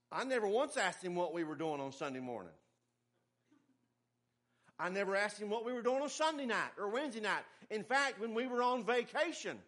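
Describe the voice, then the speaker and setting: Pastor, male, middle-aged; emphatic, folksy sermon delivery, slightly high-pitched. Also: a bit bright. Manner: folksy, emphatic preaching with asides and humor.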